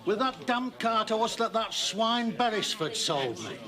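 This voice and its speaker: A grumbling old Yorkshire farmer. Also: male voice, high-pitched, lively intonation, measured pace, a crowd in the background. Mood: aggrieved. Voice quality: broad, gruff, earthy dialect speech. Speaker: farmer client. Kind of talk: 1970s television drama acting.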